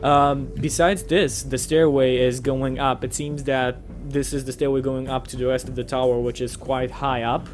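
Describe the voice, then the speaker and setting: A man's voice: mid-range voice, flat delivery, normal speed, few pauses, a little hiss or hum. A man narrating a fantasy tabletop game as game master, describing rooms in an easygoing way. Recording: music playing behind.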